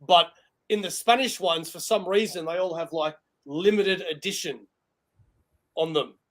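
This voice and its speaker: A man with a high-pitched voice tells a story to friends on a casual podcast. He is animated and laughs easily. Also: unhurried. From Australia. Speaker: podcast co-host. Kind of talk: casual chat.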